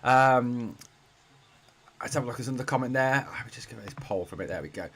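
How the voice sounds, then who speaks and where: A man's voice: medium pitch, quick pace, fairly bright tone, a little hiss or hum. A man from Durham with a northeast English accent, hosting a live football watch-along from home and chatting to viewers as he reads their comments. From Durham, northeast England. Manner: chatty, addresses viewers as mate and guys. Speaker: football fan channel host. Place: home room being packed up for a move.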